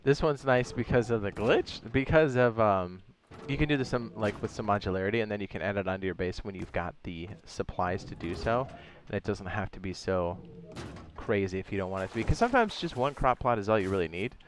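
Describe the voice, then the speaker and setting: A man with a lowish voice talks briskly over slight background noise while streaming a building game. The chat is casual and a little meandering, full of relaxed slang like "dog" and "my guy" aimed at his viewers.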